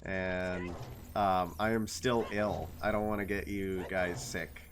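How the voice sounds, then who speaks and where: A man's voice: low-pitched, fairly even intonation, takes it slowly, a little hiss or hum. A man casually chatting while streaming a video game, rambling and playful, slipping into silly voices. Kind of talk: casual gameplay commentary.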